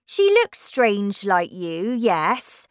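A woman voicing a rude, snooty female rose in a storybook reading, with loud, drawn-out, sneering lines. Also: medium pitch, big pitch swings, smooth, dry recording, clean studio sound.

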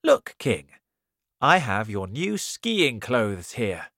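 Man doing a sly tailor, coaxing, flattering, slow, lilting, storybook. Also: medium pitch, no echo, studio quality, full character voice.

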